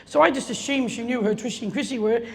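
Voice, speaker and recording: Brisk, chatty woman in her middle years telling anecdotes aloud, recorded in a reverberant hall. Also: fairly high pitch, gravelly. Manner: chatty, laughing, acts out quoted voices. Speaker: guest speaker telling a story at an opening. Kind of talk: casual anecdotal speech. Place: event space. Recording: long reverb, faint room noise.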